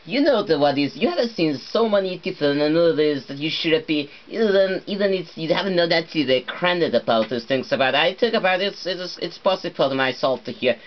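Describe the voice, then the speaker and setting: Man, non-native English, halting with many "uh"s, solo rambling, muffled sound. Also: fairly high pitch, animated. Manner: halting, full of fillers and restarts, non-native phrasing.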